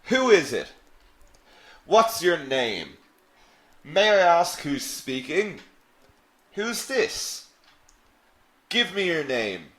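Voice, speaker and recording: Man, English teacher, live online lesson, slow patient delivery, echoey room. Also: on the high side, very animated, fairly bright tone. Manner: slow, patient, repeats phrases, answers viewers' questions.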